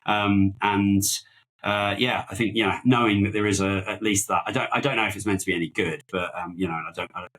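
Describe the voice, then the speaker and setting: A man's voice: fairly low pitch, steady tone, a little fast, fairly bright tone, low-quality recording. A man co-hosting a casual film-review podcast, talking in a rambling, hesitant way full of fillers and restarts. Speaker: podcast co-host.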